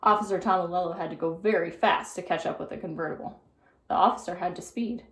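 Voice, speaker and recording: A woman narrating a children's book aloud in an expressive storytelling manner. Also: fairly low pitch, fast talker. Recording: roomy echo.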